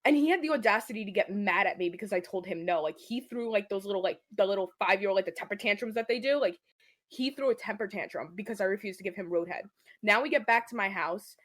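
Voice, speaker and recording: Give me a young woman in a studio telling an animated, profane story on a podcast, with a mid-range voice. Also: medium pitch, quick pace. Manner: animated, profane, heavy use of "like". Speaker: podcast co-host. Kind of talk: casual storytelling chat.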